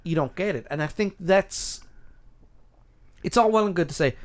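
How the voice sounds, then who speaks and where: A high-pitched British man speaks at normal speed as co-host of a laid-back song-ranking podcast. Opinionated and lively, he pushes his picks while repeatedly restarting what he's saying.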